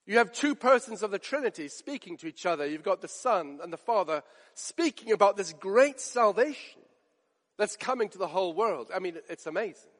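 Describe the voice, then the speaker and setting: Male preacher, high voice, earnest and emphatic, long church reverb. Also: animated, normal speed, fairly bright tone. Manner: earnest, emphatic, repeats phrases for effect. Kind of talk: sermon.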